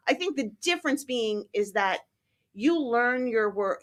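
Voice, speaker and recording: A middle-aged woman hosting a podcast, talking in an animated way and acting out the quotes in her stories. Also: a little high, measured pace. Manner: animated storyteller who acts out quotes. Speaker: podcast host. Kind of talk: casual chat.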